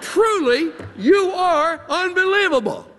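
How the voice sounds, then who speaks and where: A man putting on the voice of Job, a sarcastic, suffering old biblical man who mocks his friends in a high, exclaiming tone. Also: big pitch swings, takes it slowly, fairly bright tone, in a large hall, slight background noise, full character voice.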